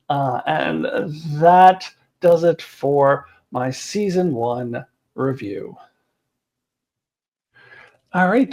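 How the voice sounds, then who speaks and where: A woman's voice: on the low side, darkish tone, rough recording. A woman giving a casual video review of a TV series, enthusiastic and opinionated, laughing often and swearing bluntly. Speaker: TV show reviewer.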